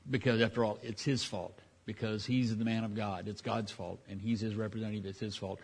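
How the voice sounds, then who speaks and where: A man's voice: fairly low pitch, little pitch movement, fairly quick, few pauses, husky. A middle-aged man as pastor preaching a sermon, talking conversationally with frequent restarts and asides.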